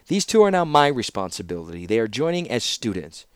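A man's voice: medium pitch, big pitch swings, a little fast, clean tone, no echo, studio quality, voice pushed up, natural voice. A man voicing a stern, commanding female scholar who scolds sharply. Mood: scolding.

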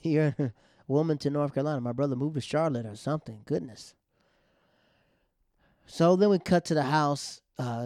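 Man, casual show recap, slangy, teasing, warm dark voice, dry recording. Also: mid-range voice, no room sound. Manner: chatty, loose slang, mocks the writers.

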